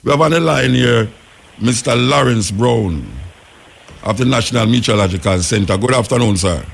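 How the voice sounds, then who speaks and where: A Jamaican man hosts a radio talk show, rambling through the news in heavy patois. His voice is gravelly, with a husky edge. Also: medium pitch, normal speed. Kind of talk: casual on-air commentary.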